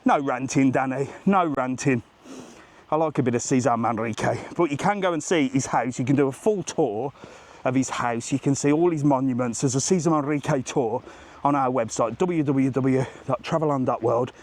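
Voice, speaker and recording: A man in his forties with a brisk, mid-range, slightly mellow voice hosts a live travel vlog. He rambles and jokes casually as he walks along an outdoor seaside promenade.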